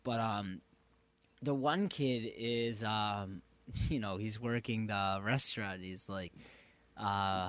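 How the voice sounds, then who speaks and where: A man co-hosting a casual chat, animated and laughing, swearing often and going high when worked up. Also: slow pace, dry recording.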